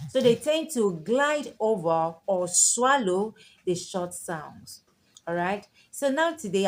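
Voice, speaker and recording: Slow, deliberate woman teaching pronunciation. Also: medium pitch, a little mellow. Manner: spells words letter by letter and repeats them; stretches target vowels for emphasis.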